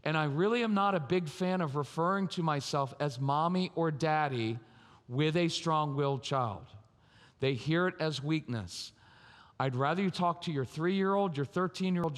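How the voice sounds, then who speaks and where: A man giving a live parenting talk at a conference, animated, acting out parents' voices. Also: fairly high pitch. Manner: animated, acts out yelling and sweet parent voices. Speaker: parenting speaker. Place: large church hall. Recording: reverberant hall.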